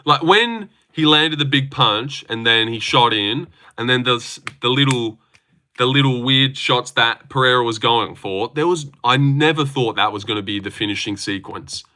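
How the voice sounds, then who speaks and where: A man's voice: medium pitch, normal speed, pushed and bright. A young Australian man hosting a casual livestream, reading out viewer comments and chatting in a rambling, laid-back, slangy way. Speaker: livestream host.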